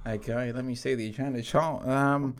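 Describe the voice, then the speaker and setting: A man's voice: medium pitch, fairly even intonation, brisk. A young man co-hosting a podcast in casual, crude, joking banter with a friend. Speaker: podcast co-host. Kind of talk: casual chat.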